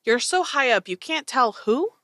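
A woman runs a tabletop game, describing scenes with lively detail. Her voice is bright and forceful. The recording is dry and close. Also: sits high, normal speed, no room sound. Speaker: game master.

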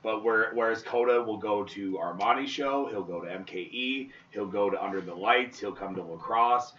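A man's voice: fairly low pitch, moderate pace, a bit bright. A man co-hosting a podcast, explaining his views at length in casual chat. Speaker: podcast co-host. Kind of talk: casual chat about local wrestling. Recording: roomy, distant, muffled.

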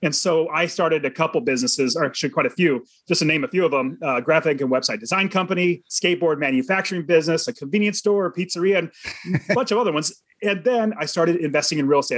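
A man's voice: fairly high pitch, a bit bright, no echo. Earnest man telling a personal story. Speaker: podcast guest, real estate investor.

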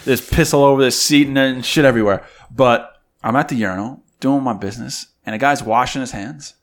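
A man co-hosting a podcast, telling a story in a casual, animated way and acting out other people's voices. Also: mid-range voice, brisk. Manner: animated, acts out quoted voices loudly. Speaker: podcast co-host.

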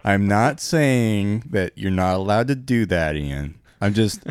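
Laid back podcast guy, kinda low voice, laughs a lot, dry mic. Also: lively intonation, takes it slowly, clean tone, no echo. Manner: easygoing, laughs often. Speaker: podcast co-host. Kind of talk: casual chat.

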